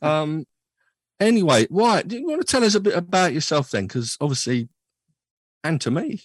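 A man's voice: fairly high pitch, big pitch swings, moderate pace, slightly rough, no echo. A man hosting a casual chat show, talking in a chatty, joking way with rambling asides. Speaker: podcast host.

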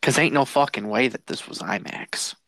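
A man co-hosting a podcast, telling a story in a casual, animated way, laughing and swearing as he goes. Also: medium pitch, normal speed, no room sound. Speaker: podcast co-host.

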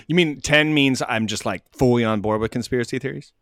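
An American man, a guest on a podcast, relaxed and good-humoured in casual conversation. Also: mid-range voice, moderate pace, no echo, clean studio sound. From United States.

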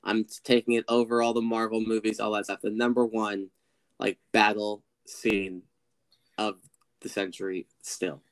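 A man's voice: on the low side, flat delivery, moderate pace, clean tone. A man co-hosting a casual film discussion podcast, joking and swearing as he wraps up the episode. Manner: joking, profane, wraps up the show. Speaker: podcast co-host.

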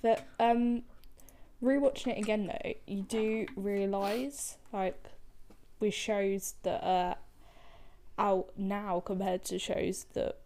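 A woman chatting casually about something she enjoys, her voice at an ordinary middle pitch. She talks in loose, rambling sentences packed with fillers and half-finished thoughts, the relaxed flow of two friends catching up. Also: slow. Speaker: artist. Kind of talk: casual chat.

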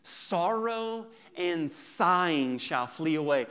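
A man pastor preaching a sermon in a conversational, joking way, drawing out key words slowly for emphasis. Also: on the high side, expressive, a bit bright.

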